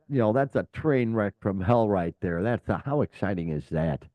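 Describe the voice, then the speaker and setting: A man's voice: fairly low pitch, lively intonation, normal speed, no echo, muffled recording. A man co-hosting a casual rock podcast, rambling through news with lots of uh and you know. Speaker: podcast co-host.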